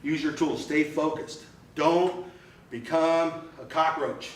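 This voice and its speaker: A man's voice: on the high side, fairly even intonation, slow. Male club speaker, punchy storyteller, echoey room from far off. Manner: punchy and emphatic with repeated phrases. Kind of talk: motivational speech with storytelling. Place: meeting room.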